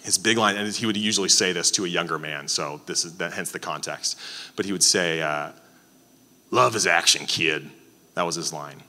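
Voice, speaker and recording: Conversational pastor, bright in an echoey hall. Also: male voice, sits low, a little fast. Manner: conversational, many fillers and restarts. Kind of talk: sermon.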